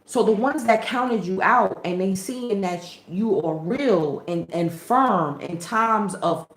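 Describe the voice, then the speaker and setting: A woman spiritual reader in casual chat to camera, animated and slangy, with preachy asides. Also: mid-range voice, slow pace. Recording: echoey room.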